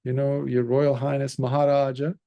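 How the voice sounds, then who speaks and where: A man voicing scheming court priests who flatter and coax their king. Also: medium pitch, moderate pace, dull audio, close to an everyday voice. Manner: smooth, coaxing, ingratiating.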